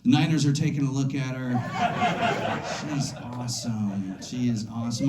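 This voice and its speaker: A man doing a stand-up set at a comedy club, rambling, calling out to audience members, and jumping into high silly voices for quotes. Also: moderate pace, a crowd in the background. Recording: echoey club room. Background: audience laughter.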